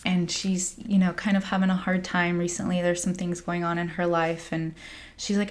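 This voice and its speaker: A young American woman, a spiritual coach, talking in a candid, rambling monologue full of "like" and soft laughs. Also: on the low side, level tone, moderate pace. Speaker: spiritual coach and podcast host. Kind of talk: casual confessional monologue.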